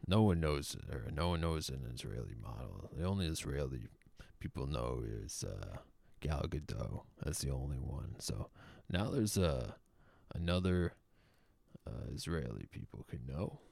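Very deep, gravelly-voiced male commentator. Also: sing-song, a little slow, a little mellow, no room sound. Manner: sarcastic, mocking, profane asides. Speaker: political commentator. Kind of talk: opinionated commentary monologue.

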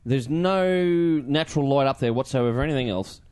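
An Australian man co-hosting a casual show, telling a story with lively, swearing banter. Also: mid-range voice, a little fast. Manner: animated, swearing, laughing storyteller. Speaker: radio co-host.

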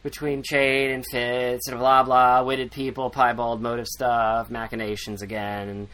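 Podcast host rambling through a book recap, sarcastic, swears a lot, mid pitch. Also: level tone, measured pace, a bit bright. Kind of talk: casual book-recap chat.

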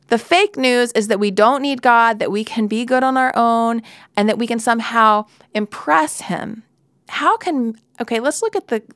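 A woman's voice: a little high, a bit bright, no echo, clean studio sound. A woman preaching a sermon in an earnest, conversational way, with playful asides.

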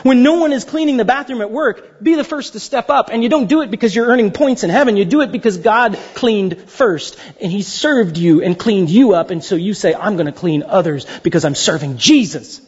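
A man's voice: very high voice, a little fast, few pauses, a little mellow, slightly rough, highs cut off. A man preaching a sermon as pastor, joking and acting out little dialogues.

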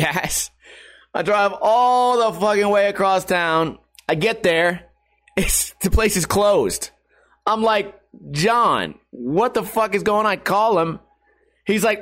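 A young man hosting a podcast, telling rambling, profane stories in a tired, low-energy way. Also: fairly bright tone. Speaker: podcast host. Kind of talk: casual storytelling monologue.

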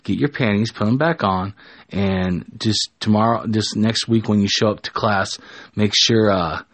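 A man's voice: on the low side, a little slow, a bit bright, no room sound. Man playing a smug, patronizing professor. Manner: soothing, patronizing commands. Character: smug, self-satisfied male college professor.

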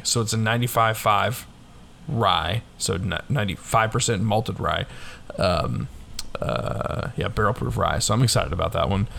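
A man's voice: fairly low pitch, vocal fry, a bit bright, a little hiss or hum. A man co-hosting a whiskey podcast, chatting loosely and joking, swearing now and then. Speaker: podcast co-host. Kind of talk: casual whiskey chat.

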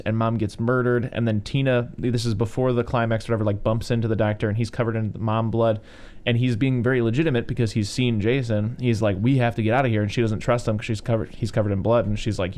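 A man's voice: lowish voice, darkish tone. Rambling casual man recapping plots. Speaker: podcast co-host. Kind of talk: casual chat.

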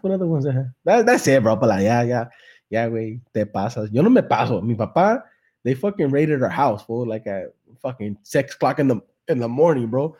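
A man's voice: medium pitch, animated, brisk, a little mellow, slightly rough. A young man tells a joke in a laid-back, profane way on a live podcast, switching between English and slang. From San Jose, California. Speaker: comedian and podcast host.

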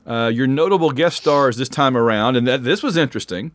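Podcast co-host: man, mid pitch, chatty and enthusiastic, dry close sound. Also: brisk, no room sound. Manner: chatty, enthusiastic fan, self-interrupting. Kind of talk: casual chat.

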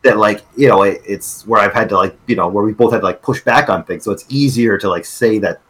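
A man's voice: on the low side, brisk, a bit bright, slightly rough, rough recording. A man in his forties co-hosting a casual chat, telling a story in a rambling way full of filler words and jokes. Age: 40s. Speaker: podcast co-host.

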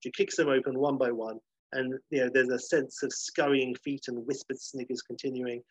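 A man narrating an improvised story in an animated, casual way with filler phrases. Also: medium pitch, moderate pace, breathy edge, dry recording. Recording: dull lo-fi recording.

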